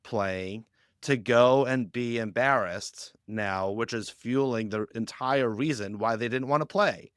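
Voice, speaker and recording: A man with a smooth, resonant voice talks as a podcast guest, building points through stories and slipping into quick quoted voices. The sound is dry and close, with no room around it. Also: mid-range voice, no echo. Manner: animated storytelling, acts out quoted lines. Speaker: guest on a youth ministry podcast. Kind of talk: conversational podcast interview.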